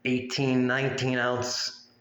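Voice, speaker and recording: Slow, blunt, crude-talking man. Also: medium pitch, completely flat delivery, a bit bright. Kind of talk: profane rant to camera. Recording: echoey room with faint ambience.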